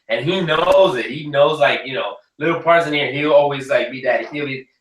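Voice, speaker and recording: A young man hosting a casual chat about RC cars, telling animated stories about his kids. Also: mid-range voice, brisk, hardly any pauses, recorded from a distance. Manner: animated storyteller who acts out his kids' lines. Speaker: host of an RC hobby hangout. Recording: echoey room, a bit off-mic.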